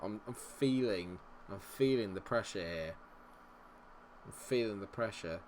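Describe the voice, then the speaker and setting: A young man commentating his own game on stream, muttering tensely and then yelling and swearing. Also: lowish voice, unhurried, slight background noise. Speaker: gaming streamer.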